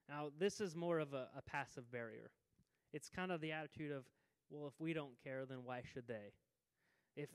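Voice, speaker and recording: Male pastor, thirties, relaxed conversational sermon with restarts, slightly higher voice, lingering hall reverb. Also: clear, resonant tone. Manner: conversational, self-deprecating, frequent restarts. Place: church sanctuary.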